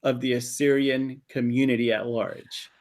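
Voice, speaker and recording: A man's voice: medium pitch, little pitch movement, normal speed, a little mellow. A man hosting a podcast, who invites his guest to speak in casual talk and restarts his sentences as he goes. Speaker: podcast host.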